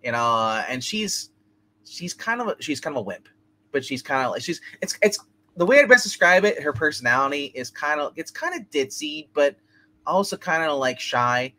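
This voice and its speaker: A man's voice: fairly high pitch, very animated, moderate pace, pushed and bright. A man hosting a movie review podcast, rambling through a plot recap with lots of fillers and laughs. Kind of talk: casual chat.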